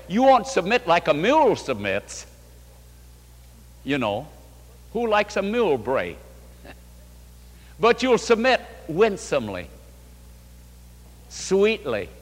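A pastor delivers a sermon with a fairly high, animated voice that rises and falls as he tells a story and acts out its dialogue. He quotes scripture along the way. The sound rings with a long hall reverb.

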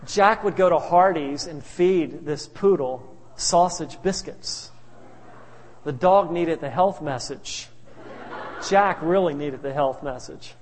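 Speaking slowly in a slightly high voice, a male pastor shares funny anecdotes during a sermon, chuckling in his asides. The sound carries the reverb of a large hall.

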